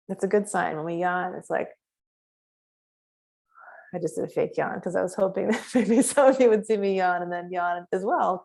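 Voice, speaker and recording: A middle-aged woman talks casually to her viewers, with plenty of fillers and some quick bursts of speech. Her voice is low and gravelly. Her tone stays fairly even. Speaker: meditation guide and author.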